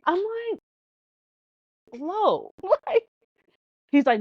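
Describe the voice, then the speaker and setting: A woman's voice: fairly low pitch, a little slow, no echo. Woman guest telling fan stories, acts out the quotes, laughs a lot, dull dry lo-fi sound. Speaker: podcast guest. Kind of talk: casual storytelling chat. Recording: dull, lo-fi podcast audio.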